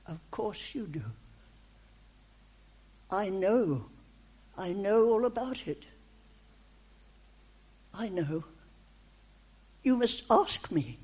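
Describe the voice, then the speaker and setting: A woman giving a prophetic message in the first person as God, in slow, deliberate, reassuring short phrases that she often repeats. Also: mid-range voice, sing-song, a little mellow, slightly rough. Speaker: speaker delivering a prophetic message.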